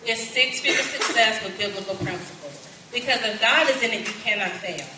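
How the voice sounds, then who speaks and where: Brief: woman pastor, 40s, Kentucky accent, lively and folksy, noisy hall recording. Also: fairly high pitch, fairly quick. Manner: lively, folksy, calls out to the crowd. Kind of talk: conference sermon. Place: large conference hall. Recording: echoey hall, distant and noisy.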